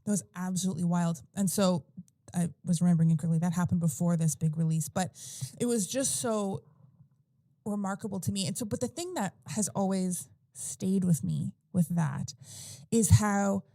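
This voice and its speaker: A woman's voice: lowish voice, moderate pace, mellow, no room sound. A woman in a casual podcast conversation, telling a personal story in a rambling way with lots of fillers and restarts. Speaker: podcast guest or host.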